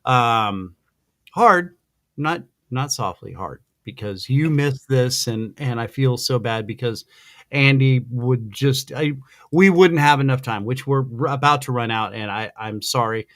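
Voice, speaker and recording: A man hosting a podcast, chatting in an excited, rambling way, gushing like a fan over his guest. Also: medium pitch, unhurried, dry recording, studio quality. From American Midwest. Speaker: podcast host. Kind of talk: excited casual interview chat.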